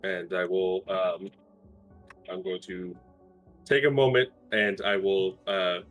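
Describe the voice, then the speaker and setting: A man's voice: deep voice, fairly even intonation, takes it slowly, fairly bright tone, soft background music. A man playing a tabletop role-playing game, earnest and intense, swearing freely. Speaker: player.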